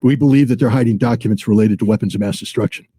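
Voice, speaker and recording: A man's voice: fairly low pitch, very fast, dark tone, husky. A man in his sixties, a former weapons inspector, telling a story as an interview guest in a blunt way and acting out quoted exchanges. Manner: blunt, acts out quoted dialogue.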